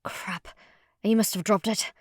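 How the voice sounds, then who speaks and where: A woman's voice: medium pitch, steady tone, a little slow, a little mellow, dry recording, natural voice. A woman voicing a wounded young man who speaks dryly and sarcastically, in an audiobook. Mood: wry. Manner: dry and sarcastic.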